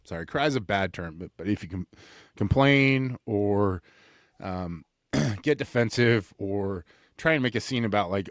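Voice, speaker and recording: A man's voice: fairly low pitch, moderate pace, no room sound, clean studio sound. A man co-hosting a sports podcast, talking in an earnest, opinionated way that stumbles over restarts and repeated words as he makes his points. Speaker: podcast co-host. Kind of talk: casual sports chat.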